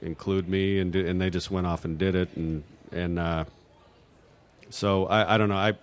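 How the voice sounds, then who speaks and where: Hesitant low-voiced man answering questions. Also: level tone, normal speed. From New Mexico, USA. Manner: hesitant, full of fillers and restarts. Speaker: guest at audience Q&A. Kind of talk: rambling unscripted answers.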